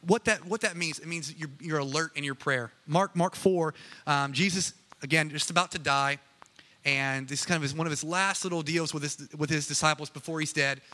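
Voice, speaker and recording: A man's voice: a little high, brisk, pushed and bright. A man preaching a casual, conversational sermon, chatty and joking with many asides. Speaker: pastor.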